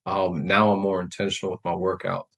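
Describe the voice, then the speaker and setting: Guest: veteran man, low flat voice, thoughtful and halting, candid interview talk. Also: vocal fry, low-quality recording. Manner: reflective, measured, with many fillers and restarts. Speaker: podcast guest, Marine veteran.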